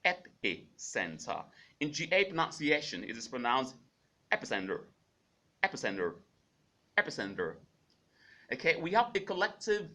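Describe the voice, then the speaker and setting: A man hosting a radio pronunciation lesson, repeating each word slowly several times and humming out the syllable rhythm. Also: a little high, fairly bright tone. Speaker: pronunciation teacher, radio host.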